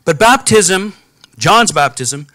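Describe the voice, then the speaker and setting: Bright-voiced man preaching a sermon. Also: sits high, lively intonation, slow, no room sound. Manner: calls out to the congregation for responses. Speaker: pastor. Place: church sanctuary.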